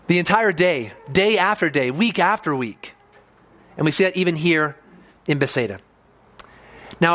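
A high-pitched man delivers a sermon, explaining the scripture passage verse by verse. He talks with earnest pastoral conviction. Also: fairly bright tone.

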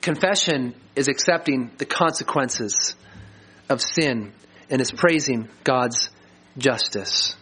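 A middle-aged man preaching a sermon as a pastor, earnest and slowing down to stress key lines. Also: mid-range voice, sharp tone, slightly rough. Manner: earnest, slows for emphasis.

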